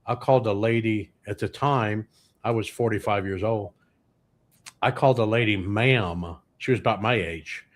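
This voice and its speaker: A man's voice: on the low side, normal speed. A man, a guest comedian telling rambling anecdotes with dry punchlines. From Louisiana, US. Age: 60s. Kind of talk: comic storytelling on a podcast.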